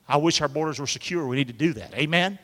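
A man's voice: on the high side, animated, quick pace, a bit bright. A man preaching a folksy sermon in church, calling out to the congregation and acting out quotes. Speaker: pastor. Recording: echoey hall.

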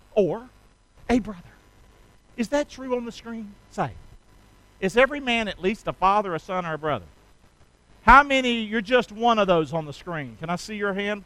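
High, bright-voiced preacher. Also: male voice, no room sound, rough recording. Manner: folksy, playful, energetic, often drawing responses from the congregation. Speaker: pastor. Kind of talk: sermon with call-and-response.

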